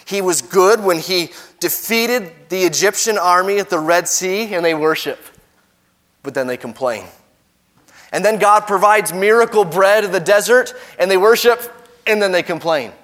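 A man preaches from scripture in a somewhat high voice, lifting his pitch for quoted speech and sinking quiet at phrase ends. His words ring out with a long reverb, as in a church sanctuary. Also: moderate pace. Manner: expressive, rising for quoted voices and dropping low and soft at phrase ends. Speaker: pastor. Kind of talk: sermon reading and explaining scripture.

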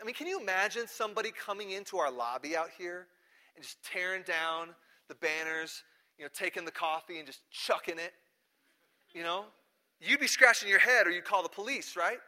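A man preaches to his church in a casual, conversational way. His voice is bright and forceful, pitched a little high, and it rises to loud emphasis before dropping to quiet asides. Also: lively intonation, normal speed, pauses often. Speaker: pastor. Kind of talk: sermon.

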